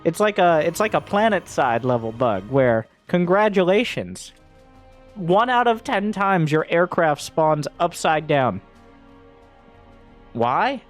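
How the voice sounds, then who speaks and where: High-voiced excitable male game caster. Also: a little slow, soft background music. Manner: jokey, gets loud and excited at big plays. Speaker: esports caster. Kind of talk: game commentary.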